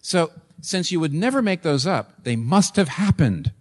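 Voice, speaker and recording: A man's voice: on the high side, animated, normal speed. Emphatic male pastor preaching. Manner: emphatic, with sudden rises and soft drops. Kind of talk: sermon.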